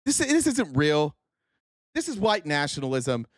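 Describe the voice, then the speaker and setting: A man streaming unscripted political commentary, sarcastic and profane, swinging from low muttering to heated outbursts. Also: huge pitch swings, a little slow, dry recording, studio quality.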